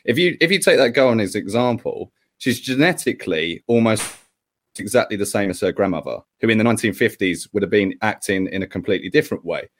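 Low-voiced man, insistent and emphatic. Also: expressive, fast. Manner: emphatic, insistent, stumbles on words. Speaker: panel guest. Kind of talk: casual panel chat.

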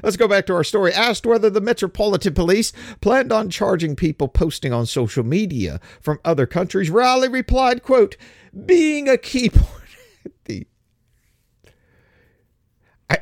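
A man from America talks through a casual commentary, often stumbling and repeating words before pushing on. His delivery swings up and down in pitch with a gravelly rasp. The sound is dry and close, with no room echo. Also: sing-song. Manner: halting, repeats words, restarts phrases. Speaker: political commentator.

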